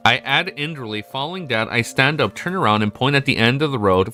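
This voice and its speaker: A man livestreaming as he reads a novel aloud in steady first-person narration, breaking off now and then to scold his pet. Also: medium pitch, a little fast, hardly any pauses, soft background music. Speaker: streamer.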